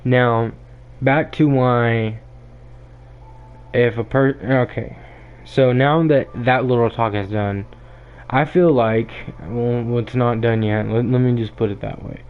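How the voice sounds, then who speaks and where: A young man rants bluntly into the mic, hammering his points home and circling back over the same ideas. His voice sits at an ordinary middle pitch. The sound is thin and tinny, as if heard over a phone line. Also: fairly even intonation, slow, clear, resonant tone. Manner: blunt, emphatic, ranting, repeats himself. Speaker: podcast host. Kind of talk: opinionated monologue.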